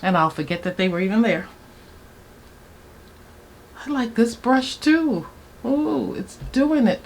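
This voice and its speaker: A woman in her sixties chatting to viewers while doing her makeup, excitable and gushing about her products. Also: fairly high pitch, slow pace. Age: 60s. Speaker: beauty vlogger. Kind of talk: get-ready-with-me makeup chat.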